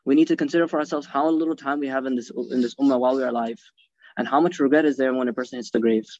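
A man teaching a hadith class, animated, asking his listeners rhetorical questions and mixing Arabic phrases into his English. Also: medium pitch, racing, no echo, dull audio. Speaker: religious teacher.

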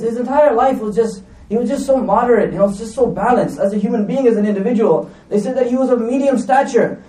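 With a very high, mellow voice, a man gives a conversational religious talk, telling stories with asides and fillers. He's a preacher, and the mic is at a distance in an echoey room.

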